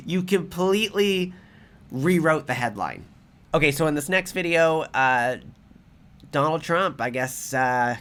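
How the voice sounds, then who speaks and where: A man's voice: on the high side, fairly bright tone. A man giving angry, profane reaction commentary in a heated ranting manner. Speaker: commentary vlogger.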